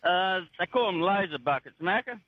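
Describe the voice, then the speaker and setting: A man's voice: high-pitched, expressive, moderate pace, dry recording, narrow, tinny audio. A man with a broad rural Australian accent, calling a radio show and chatting in a laconic, drawling way. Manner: laconic, drawling, says mate a lot. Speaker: caller. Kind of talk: casual radio phone chat.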